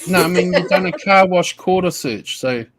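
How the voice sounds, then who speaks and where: A man's voice: high voice, a bit bright. A man with a New Zealand accent talking bluntly and casually as a guest on a video call. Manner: blunt, swearing, drawn-out asides. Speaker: live chat guest. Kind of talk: casual group chat. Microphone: webcam on video call.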